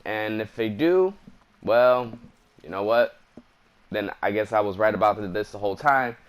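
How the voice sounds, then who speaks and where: A man's voice: fairly low pitch, expressive, moderate pace, smooth. A man casually commenting over a video game walkthrough, laid-back and slangy, drifting into rambling asides. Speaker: gaming commentator.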